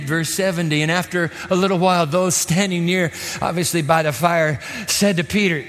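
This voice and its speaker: A man preaching a sermon, telling the story in an animated way. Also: on the high side, normal speed. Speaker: pastor. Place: church sanctuary. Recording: echoey hall.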